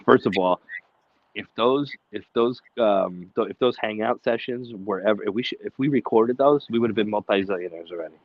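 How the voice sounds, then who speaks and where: A man's voice: fairly low pitch, a little fast, dry recording, dull audio. A brash man co-hosting a casual podcast, swearing constantly as he tells stories. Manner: brash, swears constantly, acts out quotes in a raised voice. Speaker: podcast co-host. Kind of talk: casual profane storytelling chat.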